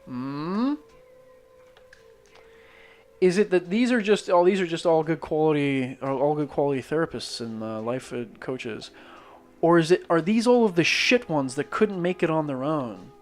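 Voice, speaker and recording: Soft music plays behind a slightly high, animated male voice at a moderate pace. He's from Northern Ireland, his accent muted, talking casually on a drawing stream in a skeptical rant that rambles, restarts constantly, and is thick with swearing.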